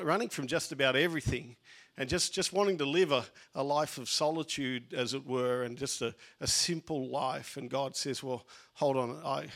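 A man's voice: mid-range voice, creaky, fairly bright tone. A man preaching a conversational sermon, often repeating words and using fillers as he goes.

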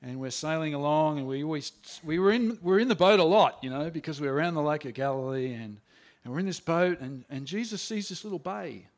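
A man speaking as a bewildered male disciple, retelling events in the first person in a sermon, with excited rising outbursts. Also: on the high side, brisk. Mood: animated storytelling.

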